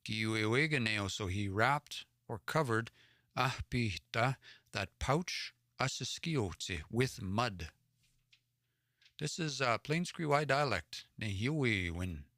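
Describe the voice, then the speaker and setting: His mid-range voice is pushed and bright, with lively intonation and an unhurried pace. He hosts a livestream from the Edmonton area of Alberta, Canada, reading Cree stories aloud, translating them word by word and sounding out words he's unsure of. The studio sound is clean with no room sound.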